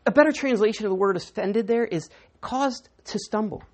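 A woman's voice: mid-range voice, fairly quick. A woman preaching a sermon in church, teaching in a conversational way and putting questions to the congregation.

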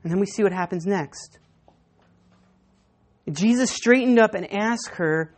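A woman pastor preaching a sermon, telling stories and moving between hushed and emphatic delivery. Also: medium pitch, a little slow, long pauses. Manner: storytelling, animated, swinging between hushed and emphatic.

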